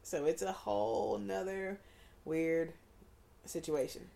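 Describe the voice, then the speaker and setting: A woman in her forties hosts a podcast, chatting candidly and telling stories with laughter as an animated storyteller in casual conversation. Her mid-range voice is slow and creaky.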